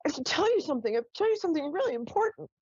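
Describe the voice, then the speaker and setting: A woman's voice: high voice, very animated, racing, darkish tone, dry recording, voice pushed up. A sad, needy ghost woman begs in a raised, strained voice, as a woman puts her on. She pleads urgently and sounds a touch distant. The audio is a little dull and lo-fi. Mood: urgent pleading.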